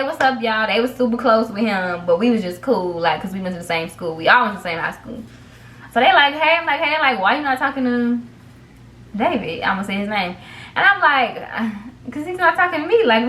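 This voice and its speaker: Animated young woman telling a storytime. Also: medium pitch, echoey room. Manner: animated, acts out quotes, addresses viewers as "y'all". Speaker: vlogger. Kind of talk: casual storytime chat.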